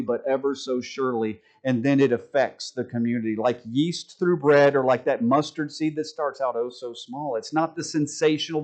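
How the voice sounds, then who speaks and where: Folksy preacher, fairly high voice. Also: male voice, a little mellow, low-quality recording. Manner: folksy, joking asides to the congregation. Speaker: pastor. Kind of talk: sermon. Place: church sanctuary.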